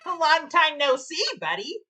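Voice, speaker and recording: A woman's voice: high voice, very animated, moderate pace, sharp tone, faint music behind, pitched above the performer's own voice, exaggerated voice. A woman voicing a smug, mocking male talking flower, reading game dialogue on a stream with a gloating, sing-song taunting delivery.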